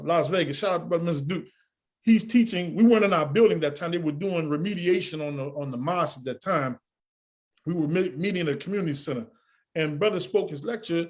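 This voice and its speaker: Man, podcast guest, higher voice, earnest storyteller who acts out dialogue. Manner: earnest, animated storyteller acting out quoted dialogue. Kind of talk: storytelling in an interview.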